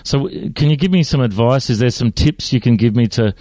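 An Australian man interviewing a guest with easygoing, chatty questions. His voice sits at a middle pitch. The recording is dry and close, with no echo. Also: a little fast, mellow. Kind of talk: casual interview chat.

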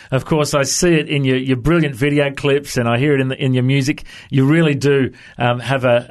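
A male host interviewing a guest on Christian radio. He asks his questions in a friendly, affirming way, restarting phrases often as he goes. His voice sits at a middle pitch. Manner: warm-hearted, affirming, hesitant restarts.

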